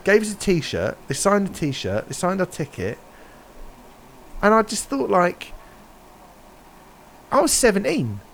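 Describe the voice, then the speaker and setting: A man's voice: high voice, huge pitch swings, a little slow, gravelly, long pauses, a bit bright, a little hiss or hum. A man in his forties chatting casually on a podcast, telling a story with lots of animation and swearing. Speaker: podcast guest. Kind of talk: casual chat.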